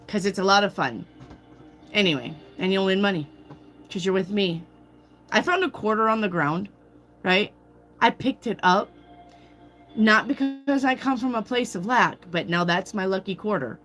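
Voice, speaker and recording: A woman's voice: medium pitch, normal speed, pauses often, fairly bright tone, faint music behind. A woman giving a casual live tarot reading, chatty and swearing freely as she calls out viewers by name. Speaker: tarot reader.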